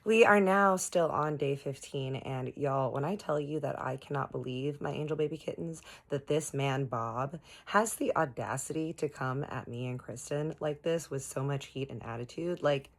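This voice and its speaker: Woman doing a storytime vlog, low voice, gets super animated and emphatic. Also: moderate pace, hardly any pauses. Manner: animated, emphatic, dramatic retelling. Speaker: storytime vlogger. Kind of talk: casual storytelling.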